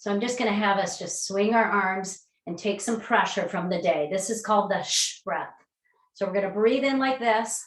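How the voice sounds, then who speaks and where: A woman leading an online mindful movement and breathing class, guiding gently and slowly with soft breathy cues, over a video call. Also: mid-range voice. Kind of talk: guided movement and breathing lesson.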